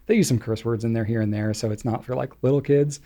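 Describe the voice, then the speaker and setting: A middle-aged man co-hosts a podcast, chatting casually and rambling with plenty of fillers. He talks fast in a mid-range voice with a dark tone.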